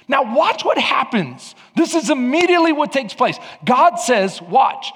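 High husky guy preaching hard, big church echo. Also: big pitch swings, a little slow, hardly any pauses, a bit bright. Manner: fervent, emphatic preaching. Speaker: pastor. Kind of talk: sermon. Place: church sanctuary. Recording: long hall reverb.

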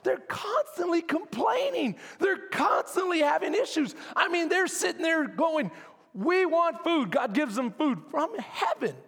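A man preaching as a pastor, animated, acting out complaining voices and shouting at peaks. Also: very high-pitched, a little slow, vocal fry, few pauses, big-room sound. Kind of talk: sermon.

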